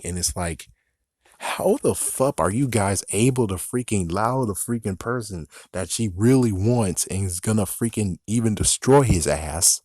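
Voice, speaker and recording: A man's voice: fairly low pitch, darkish tone, breathy edge, no echo, clean studio sound. A man ranting through a movie review, exasperated and swearing constantly.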